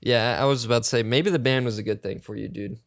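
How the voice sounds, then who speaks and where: Male podcast co-host, gravelly voice, dry close sound, blunt crude storyteller. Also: mid-range voice, fairly even intonation, fast, no room sound. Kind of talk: casual chat.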